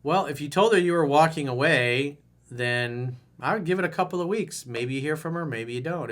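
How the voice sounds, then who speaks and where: Middle-aged male dating coach, slightly high voice, blunt and animated delivery; talks straight to camera and hams up quoted outbursts. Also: normal speed. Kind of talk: video newsletter advice monologue.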